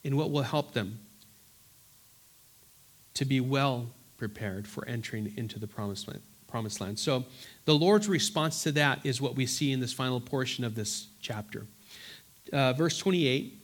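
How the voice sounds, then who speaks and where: A man teaching a Bible study, reading scripture aloud slowly and earnestly between plain explanations, often restarting his words. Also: mid-range voice, lively intonation. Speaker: pastor.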